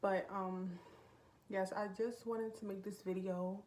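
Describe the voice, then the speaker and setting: A woman's voice: medium pitch, flat delivery, unhurried, darkish tone, slight background noise. A young woman vlogging in a casual, confessional way, rambling and heartfelt with lots of filler words, talking from indoors at a relative's home. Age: young adult. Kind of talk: casual confessional vlog chat.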